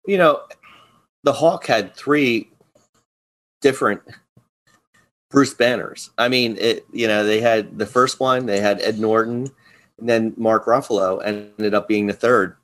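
A man's voice: lowish voice, measured pace, long pauses, a bit bright. A man co-hosting a podcast in casual chat, rambling with many fillers and restarts. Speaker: podcast co-host.

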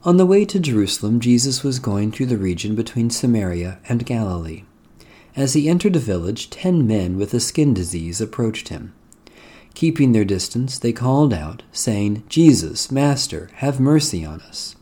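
A man giving a slow, measured liturgical reading of prayers and scripture in a solemn, prayerful manner. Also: mid-range voice, big pitch swings, dark tone. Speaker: liturgical reader.

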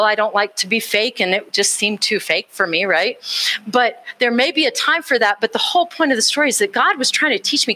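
A woman preaching a live sermon in a casual, personal way, animated and conversational, with rising emphasis. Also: a little high.

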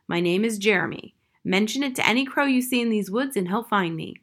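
A woman's voice: expressive, fairly quick, natural voice. A woman reading aloud, voicing a frightened young male crow in a raised, anxious voice. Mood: grateful. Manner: high, loud and anxious.

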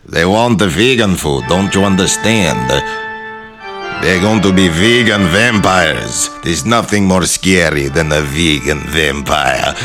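Very deep slow-talking man. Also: expressive, music in the background.

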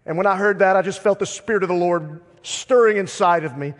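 A middle-aged man preaching a sermon, moving between quiet, conversational asides and emphatic declarations. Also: sits high, fairly quick, big-room sound. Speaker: pastor.

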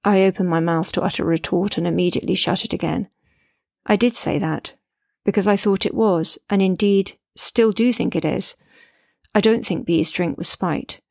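A woman's voice: medium pitch, normal speed, vocal fry, darkish tone, no echo, clean studio sound. A middle-aged woman, a mother, narrating her memoir in an earnest, reflective way.

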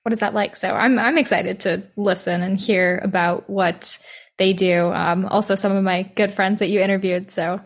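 A woman's voice: mid-range voice, steady tone, normal speed. A young woman co-hosting a podcast, chatting in a friendly, responsive way. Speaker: podcast co-host. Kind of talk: casual podcast chat.

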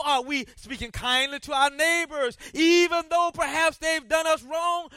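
A man preaching a sermon as pastor, swinging from hushed reading of scripture to shouted rhetorical questions. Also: extremely high pitch, no room sound, studio quality.

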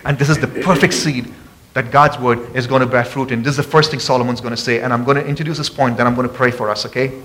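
A man preaching a sermon as pastor, passionate and calling out to the congregation for responses, often rising loud and high for emphasis. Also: steady tone, fast talker. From abroad. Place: church sanctuary.

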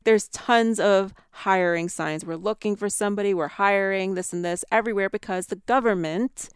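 A woman's voice: mid-range voice, normal speed, clean tone, no echo, clean studio sound. Angry ranting woman podcaster. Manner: angry ranting, swearing, many fillers. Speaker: podcast host. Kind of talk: solo podcast monologue. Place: New York.

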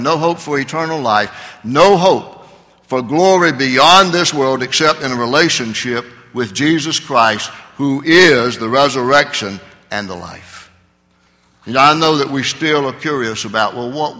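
Man preaching in a church, bright voice, slows way down on the big lines, echoey hall. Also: medium pitch. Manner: earnest preaching with slow emphatic stresses and fillers. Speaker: pastor. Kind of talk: sermon.

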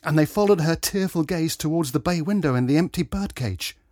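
A man narrating a story in a gentle, expressive storytelling manner. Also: on the high side, a little fast, dry recording, clean studio sound. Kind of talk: storybook reading.

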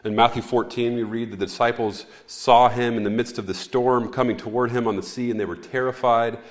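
A man preaching a sermon as pastor, in an earnest, measured way with pauses and fillers. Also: mid-range voice, steady tone. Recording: echoey hall reverb.

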